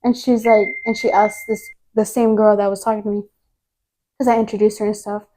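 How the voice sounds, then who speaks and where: A woman's voice: mid-range voice, level tone, fairly quick, warm tone. A young woman giving a personal faith testimony as a podcast guest, telling it earnestly in a rambling way full of filler words.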